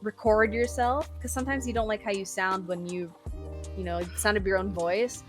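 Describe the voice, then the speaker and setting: Chatty young woman, lively storyteller. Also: medium pitch, moderate pace, soft background music. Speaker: guest content creator. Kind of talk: casual podcast chat.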